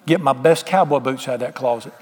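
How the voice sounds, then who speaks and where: A man's voice: medium pitch, fast, big-room sound. A man preaching a sermon, folksy, plain-spoken and emphatic with homespun sayings. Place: church sanctuary.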